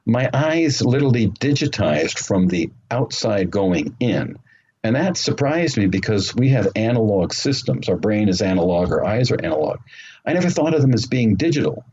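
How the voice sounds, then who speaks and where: Brief: low-voiced male interview guest, earnest storyteller full of fillers, muffled remote-call sound with a faint hiss. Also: big pitch swings, normal speed, darkish tone.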